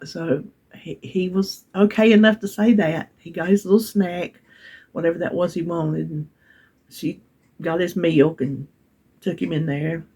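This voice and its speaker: An older woman with a drawl tells a family story to her viewers. Her talk is easygoing and folksy, full of little restarts and soft laughs, as in a casual vlog. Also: on the low side, fairly even intonation, measured pace, breathy edge. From United States. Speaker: vlogger.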